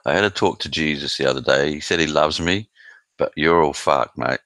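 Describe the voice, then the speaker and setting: A man's voice: rumbling low, fairly quick, fairly bright tone, no echo. An Australian man hosting a live stream, chatting casually with viewers and swearing freely in a laid-back way. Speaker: live stream host reading chat. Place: at home in South Australia.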